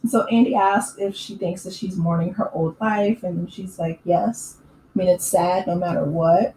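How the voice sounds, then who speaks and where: A woman hosting a casual recap channel, chatting in an opinionated way with lots of fillers and quick laughs. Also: lowish voice, steady tone, mellow. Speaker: YouTube recap host. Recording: echoey room with faint ambient noise.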